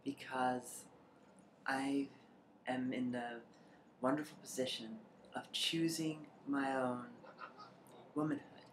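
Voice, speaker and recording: A woman's voice: very deep voice, steady tone, slow pace, pauses often. A trans woman talking reflectively in a personal vlog, rambling at times and sometimes dropping to a near whisper. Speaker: vlogger. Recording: echoey room with faint background noise.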